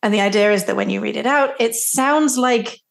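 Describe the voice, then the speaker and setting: Giggly woman with a gravelly edge. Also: a little high, fairly quick. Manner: giggly, laughs often between lines. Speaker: podcast co-host. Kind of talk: casual chat.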